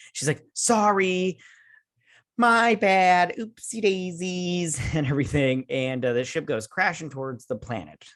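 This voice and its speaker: On his own channel, a man chats casually about a TV episode, wandering off track and restarting sentences often. His mid-range voice is fairly bright, recorded with crisp studio quality and no echo.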